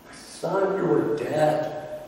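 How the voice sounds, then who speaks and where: A man's voice: a little high, slow pace, darkish tone, a little hiss or hum. A pastor voicing a joyful, loving father who welcomes his son home in a tender, emphatic way. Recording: echoey hall from far off.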